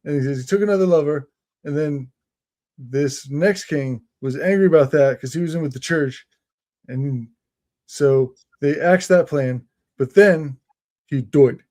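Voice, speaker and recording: A young man co-hosting a loose comedy chat show. His voice sits a little higher than most men's, and he rambles cheerfully through anecdotes, laughing along the way. The delivery is relaxed banter. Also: unhurried. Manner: storytelling, laughing often, dropping into silly voices. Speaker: co-host.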